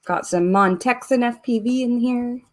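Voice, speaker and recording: A woman's voice: a little high, moderate pace, slight background noise. A Canadian woman hosting a live stream, chatting casually and reading viewer comments aloud as she works. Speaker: host of a live giveaway stream.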